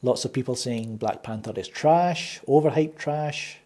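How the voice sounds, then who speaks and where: A man's voice: medium pitch, measured pace, dark tone. A man hosting his own movie review channel, ranting with sarcasm and frequent swearing. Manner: sarcastic, swears a lot, exasperated.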